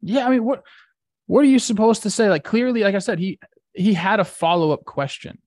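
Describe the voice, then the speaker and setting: A man's voice: high voice, fairly quick, darkish tone, dry recording, studio quality. A man cohosting a sports talk show, laid-back and filled with 'like' and 'dude'.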